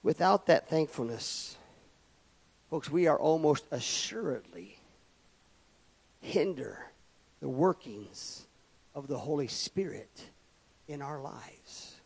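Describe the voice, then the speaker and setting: Preacher, male, high voice, unhurried delivery, big swings from loud to hushed, reverberant church hall. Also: expressive, gravelly, husky. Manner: dynamic, swings between loud emphatic rises and quiet drops. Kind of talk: sermon.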